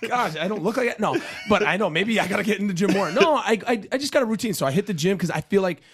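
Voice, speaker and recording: Hyper, excitable Canadian man. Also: sits high, fast, husky. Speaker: co-host. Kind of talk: casual podcast chat.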